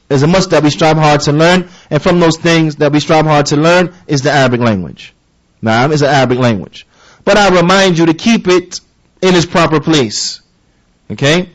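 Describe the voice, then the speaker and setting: A man with a fairly high voice preaches an earnest lesson. He stresses his points by repeating them and checks in with his listeners through quick rhetorical questions. His speech has a flavor. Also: poor audio. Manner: emphatic, repeats key phrases, asks listeners rhetorical questions. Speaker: religious teacher. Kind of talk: lecture-style sermon.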